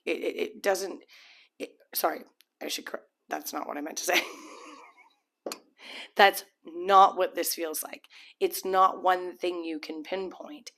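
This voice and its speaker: Female tarot reader, lowish voice, casual and rambling, lots of restarts. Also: a bit bright. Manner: rambling, chatty, many restarts and fillers; acts out imagined people's thoughts. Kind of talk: casual tarot reading to camera.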